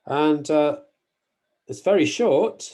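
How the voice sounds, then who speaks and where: Mellow-voiced male lecturer. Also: on the high side, lively intonation, slow pace. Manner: careful, self-correcting explanations with frequent fillers. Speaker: university lecturer. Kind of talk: mathematics lecture.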